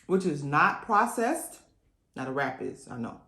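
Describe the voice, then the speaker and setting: A folksy woman chats to her viewers between bites, humming over her food and talking with her mouth full. Her voice sits on the low side but swings up and down lively. The room adds a noticeable echo. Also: moderate pace. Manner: chatty, talks with her mouth full, savoring food with hums; folksy, says y'all often. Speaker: vlogger. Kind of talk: casual chat to camera while eating.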